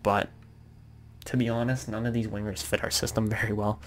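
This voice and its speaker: A man's voice: lowish voice, brisk, a little hiss or hum. A young man giving casual gameplay commentary, thinking aloud with lots of ums and uhs as he plans his moves. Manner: relaxed, thinking aloud with many fillers. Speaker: gaming YouTuber.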